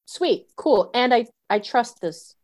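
A young woman, a stand-up comedian telling a story in casual chat, animated, full of fillers and swearing. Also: fairly high pitch, slow. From New York City.

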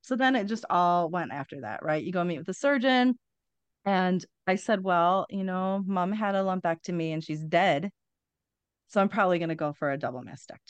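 A woman's voice: fairly low pitch, expressive, brisk, smooth, no room sound, lo-fi sound. A woman in her forties, a podcast guest, telling a candid personal story bluntly, with wry humor and frequent swearing.

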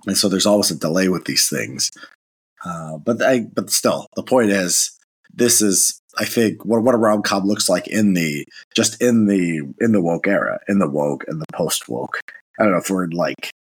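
A man's voice: low voice, normal speed, slightly rough, no room sound. A man with a sick-sounding voice, talking in a casual, hesitant monologue as a commentator, with many restarts and fillers. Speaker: political commentator.

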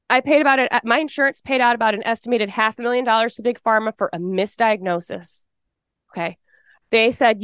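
A woman in her forties from Texas, telling her personal testimony in a podcast interview. She talks fast and emotionally, with a smooth, clear and slightly high voice. The recording is dry and close. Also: a bit bright, no echo. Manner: emotional, fast-talking storyteller.

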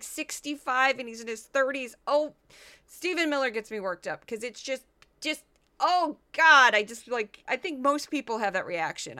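A woman's voice: high-pitched, bright, forceful tone. A woman hosting a podcast who comments on news clips casually and sarcastically, often laughing. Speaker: podcast host.

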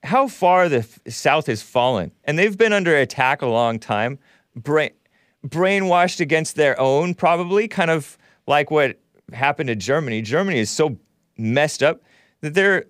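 A man's voice: fairly high pitch, animated, moderate pace, no echo, clean studio sound. A man hosting a call-in talk show, delivering a combative, sarcastic monologue full of rambling asides.

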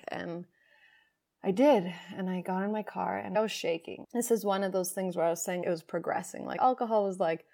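Young woman guest, low-pitched, emotional storyteller who acts out inner voices. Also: steady tone, moderate pace, a little mellow. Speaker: podcast guest. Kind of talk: candid personal storytelling.

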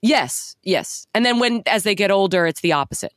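A woman's voice: mid-range voice, lively intonation, normal speed, no room sound, studio quality. A woman co-hosting a podcast, talking thoughtfully and sometimes searching for words. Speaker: podcast co-host. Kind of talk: casual chat.

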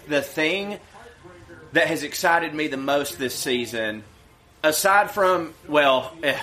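A man co-hosting a casual sports podcast, rambling and swearing as he tells animated stories. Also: medium pitch. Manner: rambling, profane, animated storytelling. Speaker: podcast co-host. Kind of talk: casual chat.

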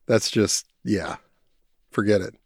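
A man's voice: on the low side, fairly even intonation, takes it slowly, breathy edge, no echo. A man in casual podcast talk, speaking in a dry, blunt, dismissive way. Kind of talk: casual political podcast chat.

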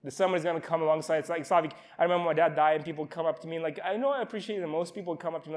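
A young man giving an emotional, earnest informal sermon at a youth camp, with halting restarts. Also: fairly high pitch, fairly even intonation.

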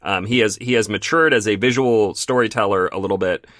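A man's voice: lowish voice, a little fast, a bit bright, dry recording, studio quality. A man co-hosting a podcast chat about films, talking in a wry, opinionated way with mock-solemn asides. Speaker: guest co-host.

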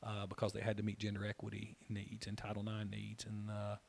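A middle-aged man, a college soccer coach, telling stories in a relaxed interview and often repeating words as he goes. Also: lowish voice, brisk, vocal fry. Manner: rambling, repeats words, laughs easily. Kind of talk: casual interview talk.

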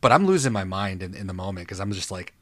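A man's voice: low-pitched, expressive, fast, no room sound. A man co-hosting a podcast, ranting in casual chat with frequent swearing and exasperation. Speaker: podcast co-host.

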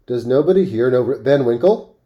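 A man's voice: mid-range voice, big pitch swings, normal speed, dull audio, natural voice. A man voicing a bewildered, ragged old man who speaks humbly and pleadingly in a storybook reading.

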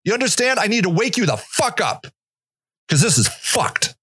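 Man, angry rant, cursing, high voice, swings wildly up and down, dry close sound. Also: very animated, normal speed, slightly rough, dry recording. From Northeast Ohio. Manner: profane, furious, shouting. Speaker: podcast host.

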